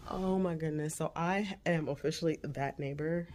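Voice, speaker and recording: A woman's voice: deep voice, moderate pace. Chatty woman. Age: 40s. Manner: chatty, animated, laughs often. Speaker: vlogger and mother. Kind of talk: casual chat. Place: at home.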